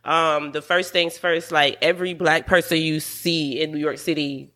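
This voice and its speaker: A woman from Savannah, Georgia talks as a podcast guest, chatty and animated. Her voice is bright and forward, and laughter runs through her stories. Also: deep voice, moderate pace. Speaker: musician and guest. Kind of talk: casual interview chat.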